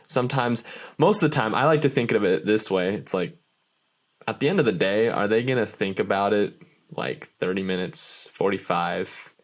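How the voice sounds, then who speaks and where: A man hosting a podcast interview, relaxed and agreeable, laughing along with his guest. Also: on the low side. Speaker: podcast host. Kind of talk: casual interview chat.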